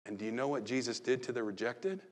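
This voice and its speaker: A pastor preaching a sermon, moving from loud acted-out calls to soft, hushed talk. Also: male voice, mid-range voice, fast talker, long reverb tail.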